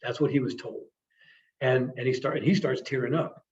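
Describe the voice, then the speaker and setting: A man telling a personal story to an audience in a presentation, halting and repeating words, acting out the people he quotes, emotional at times. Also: medium pitch, fairly even intonation, a little mellow. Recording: distant, dull lo-fi sound.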